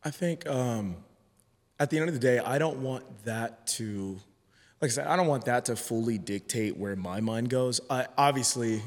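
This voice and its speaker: A man's voice: mid-range voice, moderate pace. A man talking as a podcast guest in a casual conversation, earnest and hesitant, often restarting his sentences. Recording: long hall reverb.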